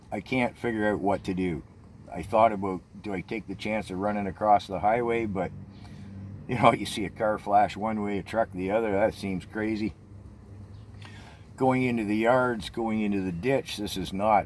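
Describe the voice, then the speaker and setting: Older male storyteller, low register, tense and halting delivery, light ambient noise. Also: a little mellow. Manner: tense, halting retelling with many restarts. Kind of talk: personal storytelling.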